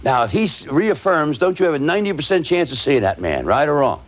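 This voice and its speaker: A man's voice: a little high, sing-song. Man coaching a class with rhetorical questions. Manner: tags points with rhetorical "right?"; spells out words slowly. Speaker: sales trainer. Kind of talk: lecture to salespeople.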